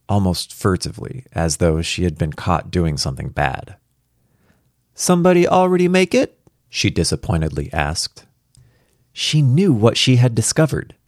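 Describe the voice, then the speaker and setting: A man reading a first-person story aloud as a worried father, in an earnest, reflective and quietly anxious way. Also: deep voice, no room sound, studio quality.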